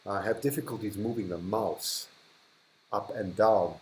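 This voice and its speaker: A man's voice: lowish voice, unhurried, a little hiss or hum, low-quality recording. A man hosting a live stream from a hot, humid indoor room, chatting casually as he reads and thanks viewers, often restarting sentences and chuckling. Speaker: livestream host.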